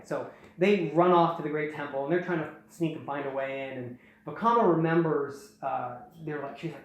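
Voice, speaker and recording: A young man hosting, casually recapping a story in a rambling way and slipping into quick snippets of character dialogue. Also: a little high, muffled recording. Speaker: host. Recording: very echoey room.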